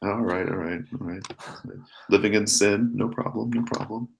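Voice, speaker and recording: A man voicing a touchy young male bartender who keeps nervously smoothing things over. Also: on the low side, steady tone, normal speed, rough recording. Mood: placating.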